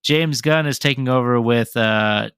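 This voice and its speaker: A man co-hosting a casual podcast, talking hesitantly with many pauses and restarts. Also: medium pitch, fairly bright tone, clear, resonant tone, no room sound, studio quality. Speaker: podcast co-host. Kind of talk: casual chat.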